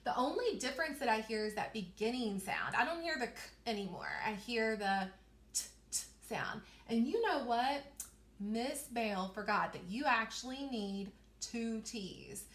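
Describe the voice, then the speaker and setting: A young woman teaching a reading lesson to young children, slowly stretching out letter sounds and praising them often. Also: fairly high pitch, lively intonation, a bit bright. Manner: encouraging, repeats words for children. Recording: echoey room.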